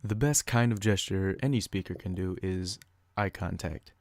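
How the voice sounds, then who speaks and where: A young man with a very low voice reads a scripted educational podcast. His delivery stays a bit flat as he follows his prepared notes. The recording is dry, with no room sound around him. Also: normal speed, dry recording. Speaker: student podcaster.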